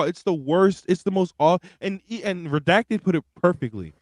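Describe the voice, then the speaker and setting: A man's voice: high-pitched, normal speed, few pauses, no room sound. A young man, co-hosting a wrestling show in casual, profane, rambling chat. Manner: animated, profane, rambling with restarts. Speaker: wrestling podcast co-host.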